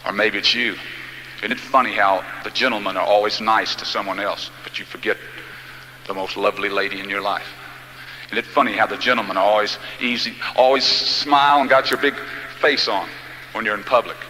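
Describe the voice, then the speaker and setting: A man's voice: on the low side, steady tone, fairly quick, bright, forceful tone, reverberant, big-room sound, slight background noise, rough recording. A man giving a live motivational speech, telling folksy, humorous stories to his audience. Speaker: motivational speaker.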